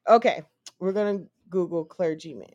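A woman co-hosting a casual talk show, chatty and quick to laugh. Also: on the low side, darkish tone, no room sound, lo-fi sound. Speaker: co-host.

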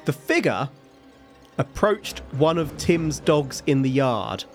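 A man hosting a podcast, slowly telling a story between jokes and frequent laughter. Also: fairly high pitch, sing-song, soft background music. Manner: slow, laughing, jokey storyteller. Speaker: podcast host.

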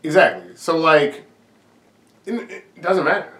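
A man in casual conversation about a movie, chiming in with quick, profane agreement. His voice moves around with lively pitch and sits a bit high. It sounds roomy and a little distant from the mic. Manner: agreeable, profane, short reactions. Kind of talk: casual film chat. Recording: roomy echo, somewhat far from mic.

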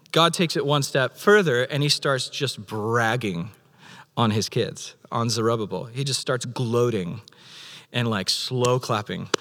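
A man preaching a sermon as pastor, animated, acting out God's voice in quoted lines. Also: mid-range voice, big-room sound.

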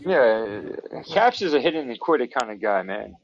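A man's voice: mid-range voice, very animated, moderate pace. A man co-hosting a podcast, teasing his friend with profane, casual banter and calling him bro. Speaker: podcast co-host. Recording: dull lo-fi recording.

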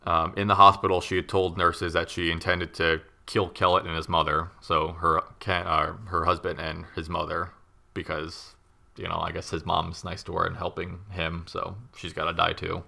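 Male co-host, deep and gravelly, loose rambling true-crime storyteller. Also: little pitch movement, normal speed, bright, forceful tone. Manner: rambling, lots of "like" and restarts, wry asides. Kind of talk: casual storytelling chat.

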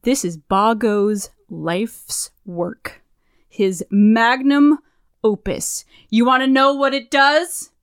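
A woman voicing a proud, bitter male kobold bomb-maker in a low, muttered swagger, retelling a game scene. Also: takes it slowly, clean tone. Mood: menacing.

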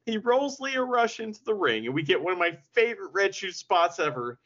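A man co-hosting a podcast, chatting casually and profanely, retelling events with lively quoted asides. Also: high-pitched, brisk, muffled recording. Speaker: podcast co-host. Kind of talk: casual chat recapping wrestling.

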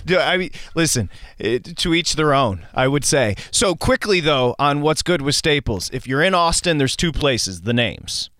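A man hosts a podcast with brisk, teasing banter. His voice sits slightly high. The sound is dry and close, with no room echo. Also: lively intonation, fairly bright tone. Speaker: podcast host.

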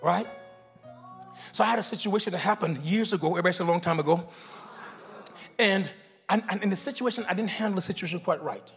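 Man, pastor, sermon, high-pitched, shouting preacher, congregation repeats after him, soft music behind. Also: fast talker, vocal fry, pauses often, slightly rough. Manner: preaching with call-and-response, rising to shouts. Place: church sanctuary before a congregation.

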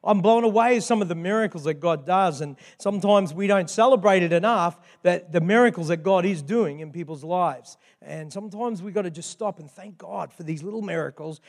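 A man's voice: high-pitched, fairly quick, hardly any pauses. A man with an Australian accent, preaching as a guest pastor and joking with the congregation. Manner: jovial, banters with the congregation. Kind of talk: sermon. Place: church hall with long reverb. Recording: echoey church hall.

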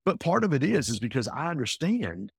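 A man talking as an entrepreneur guest in a casual interview, emphatic and energetic, often repeating himself. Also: medium pitch, brisk, creaky, husky, no room sound, clean studio sound.

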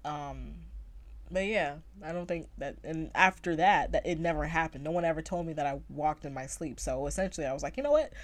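A young woman with a low voice chats through a story for her podcast. She rambles along, piling up fillers and breaking off to start over, in an easy casual way. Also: steady tone, brisk. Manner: chatty, rambling, many fillers and self-corrections.

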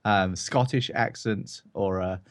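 A man who streams, chatting casually about games in a relaxed, rambling, joking way. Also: low-pitched, slow pace. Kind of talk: casual chat.

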